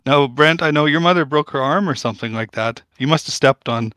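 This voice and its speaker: Bright-voiced man doing corny stand-up. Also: a little high, brisk, dry recording. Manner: corny punchlines, rambling setups. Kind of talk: mock stand-up routine, casual chat.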